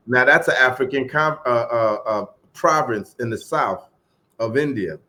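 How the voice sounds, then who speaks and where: A middle-aged man telling a long story as a podcast guest in a relaxed, casual way, trailing off into fillers and acting out the voices of the people in it. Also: medium pitch, unhurried, slight background noise. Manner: laid-back, acts out quoted voices, trails off into fillers.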